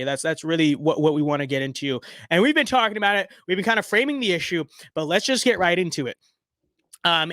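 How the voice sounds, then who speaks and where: A man's voice: sits high, a bit bright, no room sound, clean studio sound. A man ranting on a live stream, reading chat comments aloud with heated sarcasm and frequent restarts.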